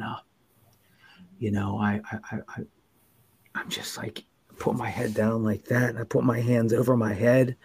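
Husky low-voiced man, halting and earnest. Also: darkish tone. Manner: halting, earnest, many restarts, drops to near whispers. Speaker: podcast guest sharing his recovery story. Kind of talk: personal storytelling in an interview.

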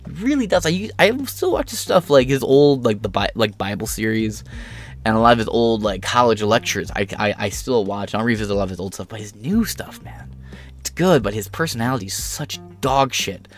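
A Canadian man hosting a podcast rants bluntly and heatedly, swearing a lot in his commentary. His voice is lowish and brisk, with faint music behind him.

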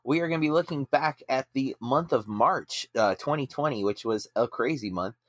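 A man's voice: mid-range voice, lively intonation, moderate pace, fairly bright tone, dry recording, studio quality. A man hosting a casual movie podcast, easygoing with lots of ums and uhs. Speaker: podcast host.

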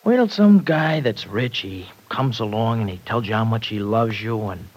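On an old, rough radio broadcast recording with a little hiss or hum, a man with a natural, lowish, expressive voice speaks at a normal speed. He's playing a slangy, tough, streetwise young working-class guy in a 1940s radio drama, dropping grammar as he goes.

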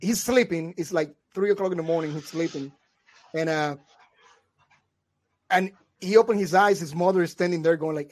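A man's voice: a little high, moderate pace. Guy telling a wild story on a podcast, acts out the voices, keeps laughing. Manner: animated storyteller who acts out quoted voices and laughs often. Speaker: podcast co-host. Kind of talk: casual chat, storytelling.

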